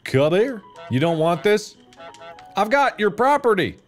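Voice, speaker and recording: A man commentating a video game playthrough in a goofy, taunting way, swinging between loud shouts and mutters. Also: sits high, big pitch swings, unhurried, faint music behind. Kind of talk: let's play commentary.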